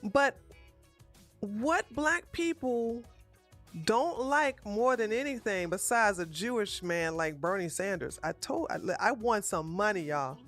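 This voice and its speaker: A woman's voice: medium pitch, lively intonation, moderate pace, few pauses, faint music behind. A woman hosting a live-stream political commentary show, ranting bluntly and with heavy profanity.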